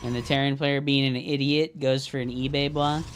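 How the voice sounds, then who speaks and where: A man's voice: mid-range voice, little pitch movement, moderate pace, a little hiss or hum. Frustrated cursing gaming streamer man. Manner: frustrated, swearing, explaining strategy to chat. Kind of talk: casual livestream talk over gameplay.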